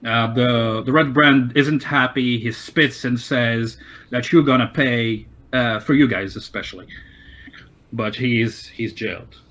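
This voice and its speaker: A man narrating a tabletop role-playing game as game master, talking haltingly with lots of fillers and restarts over an online call. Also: mid-range voice, fairly bright tone, low-quality recording.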